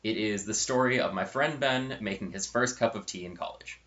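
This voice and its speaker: A man's voice: fairly low pitch, moderate pace, fairly bright tone, dull audio. A young man hosting his own channel, telling a funny college story in a casual, rambling way and correcting himself as he goes. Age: young adult. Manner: chatty and rambling, with self-correcting asides.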